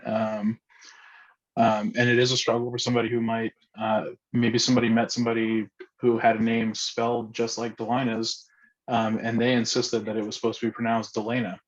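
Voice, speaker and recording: A man's voice: mid-range voice, monotone, fairly quick, highs cut off. A man leading a casual group discussion, talking hesitantly with many fillers and restarts. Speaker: discussion facilitator.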